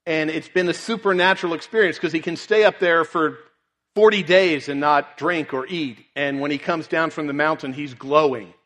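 A man's voice: on the high side, moderate pace, a bit bright. A man preaching a sermon, earnestly reading and explaining scripture. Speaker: pastor. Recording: long reverb in a large hall.

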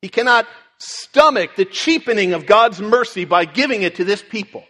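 Guy preaching a sermon, kinda high voice, long echo in a big church hall. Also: animated, moderate pace, pushed and bright. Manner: earnest preaching, quoting scripture. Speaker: pastor. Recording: long reverb in a large hall.

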